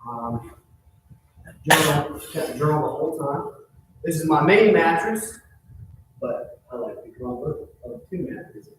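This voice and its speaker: Relaxed man in an echoey, noisy church. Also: fairly high pitch, measured pace, long pauses. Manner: relaxed, plain, with filler ums. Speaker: hiker guest. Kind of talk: casual show-and-tell. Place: church sanctuary. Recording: echoey church hall, mic far off, noisy.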